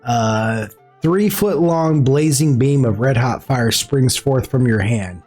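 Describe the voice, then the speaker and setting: A man's voice: medium pitch, lively intonation, slow, a little mellow, soft background music. A man running a tabletop game as game master, narrating playfully and laughing often.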